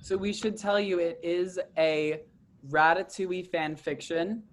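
Woman cohost, deadpan, kinda low voice, introducing segments. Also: a little slow. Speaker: co-host. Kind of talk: casual podcast chat.

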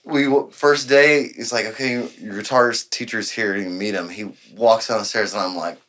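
A man's voice: lowish voice, fairly even intonation, moderate pace, a bit bright. A man, telling a rambling bar story on a podcast and acting out the other people's lines. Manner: rambling, acts out quoted dialogue, laughs often. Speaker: podcast guest. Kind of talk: casual storytelling.

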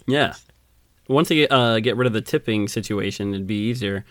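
A man's voice: lowish voice, moderate pace, fairly bright tone, dry recording. A man co-hosting a podcast, telling a folk tale in casual chat, acting out the characters and laughing often. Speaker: podcast co-host.

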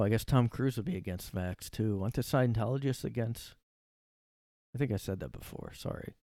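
Male solo podcaster, rambling and sarcastic, low-ish voice, sniffly, dry close sound. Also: darkish tone, no echo. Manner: rambling, sarcastic, swears freely. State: sniffly from allergies. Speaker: podcast host. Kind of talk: casual solo rant. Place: his own room.

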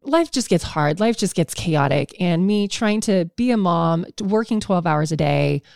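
A woman's voice: lowish voice, animated, normal speed, gravelly, darkish tone, no room sound, studio quality. A woman in her thirties, a podcast host, telling a personal story in a candid, emotional way with frequent laughs.

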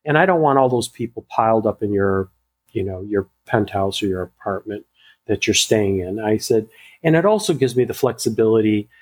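A man's voice: fairly low pitch, normal speed. A man, a hairstylist, telling a story casually in an interview and acting out both sides of the conversation, with many fillers and restarts. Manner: animated retelling that acts out both sides of a dialogue; frequent "you know" fillers and restarts.

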